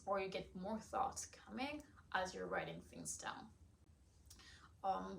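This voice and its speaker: Chatty young woman with a gravelly edge. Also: medium pitch, a bit bright, a little hiss or hum. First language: not English. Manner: chatty, encouraging, laughs often. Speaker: podcast host and nutrition coach. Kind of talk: casual solo podcast.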